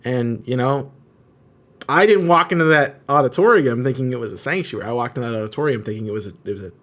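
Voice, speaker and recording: A young adult man co-hosting a church podcast, chatting casually, candid and joking with animated asides. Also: medium pitch, fast. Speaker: podcast co-host and worship leader.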